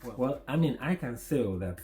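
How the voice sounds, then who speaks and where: A man co-hosting a podcast, telling stories in a calm, thoughtful way. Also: medium pitch, normal speed, soft background music. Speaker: podcast co-host. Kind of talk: casual podcast chat.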